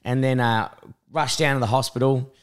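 An Australian man co-hosting a casual podcast chat, telling rambling stories full of swearing and acted-out quotes, his voice a bit rough. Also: medium pitch, steady tone, moderate pace. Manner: rambling storyteller, swears often, acts out quotes. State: voice rough from vomiting. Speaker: podcast co-host.

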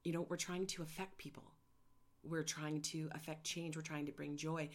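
This middle-aged artist and podcast host shares a personal story with candor, becoming emotional until she chokes up. She speaks at normal speed in a deep voice with a flat delivery.

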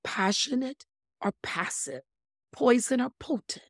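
A woman speaking as a body language expert in a casual interview, talking in an animated, emphatic way with playful wordplay and calling listeners "my lovelies". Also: a little high, unhurried, dry recording, studio quality.

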